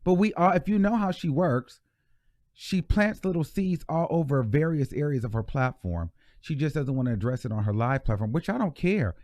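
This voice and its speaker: A man's voice: a little high, animated, normal speed, a little mellow, dry recording. A man hosting a live gossip stream with sassy, blunt commentary. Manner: sassy, mock-preaching, blunt. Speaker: host of a live gossip show.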